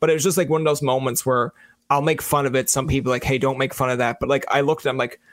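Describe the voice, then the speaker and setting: A man's voice: mid-range voice, little pitch movement, quick pace, no echo. Joking man telling stories on a podcast. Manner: joking storyteller who acts out his own lines; self-deprecating humor. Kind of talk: casual podcast chat.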